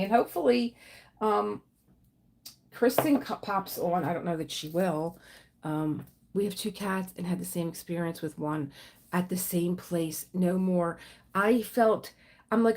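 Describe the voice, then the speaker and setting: A woman hosting a live stream in a relaxed, chatty way, greeting viewers by name between stories. Her pitch sits in an ordinary middle range for a woman. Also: a little slow. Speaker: livestream host. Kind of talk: casual livestream chat.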